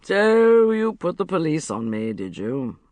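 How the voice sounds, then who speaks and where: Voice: mid-range voice, lively intonation, slow, darkish tone, no room sound, pitched below the performer's own voice. A narrator voicing a drunk, resentful man who slurs his words in an audiobook. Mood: drunk sullen. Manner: slurred, sullen.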